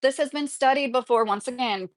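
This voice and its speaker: A Kentucky woman in her thirties, a vlogger, chats from home on a rambling, opinionated livestream, reading viewer comments aloud. She talks fairly quickly in a high-pitched voice, and the studio-clean audio has no echo.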